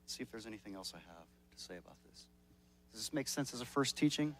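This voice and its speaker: A man's voice: fairly low pitch, expressive, fast, noisy background. A male pastor preaching a sermon at a church service in a conversational, joking way, often repeating words as he starts a sentence.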